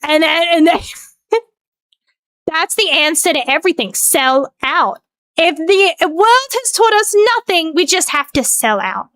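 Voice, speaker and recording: A woman's voice: very high-pitched, expressive, slow pace, fairly bright tone, dry recording. A woman streamer in casual end-of-stream chat, rambling and venting with plenty of swearing, then thanking her viewers.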